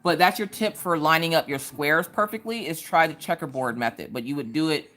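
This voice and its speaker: A woman's voice: deep voice, fairly quick, fairly bright tone. A woman who is a mother, chatting casually on a live stream while crafting, reading viewer messages aloud and answering with stories.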